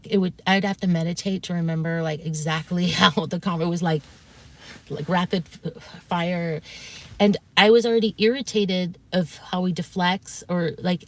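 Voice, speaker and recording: Rambling woman telling a story. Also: on the low side. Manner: rambling, frequent restarts and fillers, swears when heated. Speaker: streamer recounting events. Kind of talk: casual storytelling to viewers.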